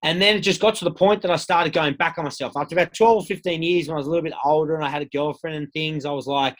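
Candid Australian man, higher voice. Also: fairly even intonation, rapid-fire, few pauses. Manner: candid, rambling, swears freely, many fillers. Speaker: guest. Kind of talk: casual interview storytelling.

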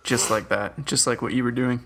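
A man co-hosts a podcast in easy chat with a gravelly edge and a bright, forceful tone. He eggs his friends on in an upbeat way. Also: medium pitch, fairly even intonation, brisk. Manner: upbeat, egging others on. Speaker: podcast co-host. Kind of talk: casual chat.

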